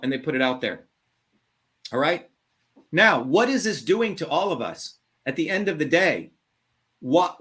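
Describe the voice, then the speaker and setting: A man's voice: a little high, fairly bright tone. A middle-aged man hosting a call-in show, talking in a blunt, combative way, with swearing and heavy emphasis. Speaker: show host. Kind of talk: heated call-in monologue.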